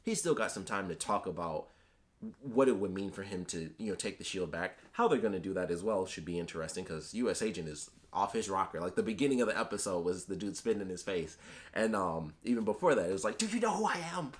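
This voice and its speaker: Male reviewer, casual and rambly, quick delivery full of fillers. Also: low-pitched. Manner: rambling, many fillers and restarts. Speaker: TV episode reviewer.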